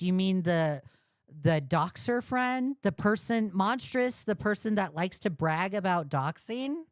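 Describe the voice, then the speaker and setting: A woman's voice: mid-range voice, lively intonation, a little slow, dry recording, clean studio sound. A woman streamer giving blunt, mocking commentary on a call during a livestream.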